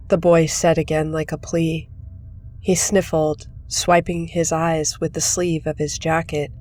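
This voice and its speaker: Slow, low-voiced woman narrating horror. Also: flat delivery, darkish tone, faint music behind. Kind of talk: scripted narration.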